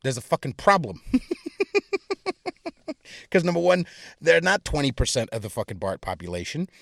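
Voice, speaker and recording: A young man rants crudely on his own podcast, swearing constantly and getting worked up as he goes. His mid-pitched voice sits close to the mic in a dry, dead room with no echo. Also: very animated, normal speed, gravelly, fairly bright tone. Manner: profane, ranting, heated. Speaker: podcast host. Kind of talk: crude solo comedic rant.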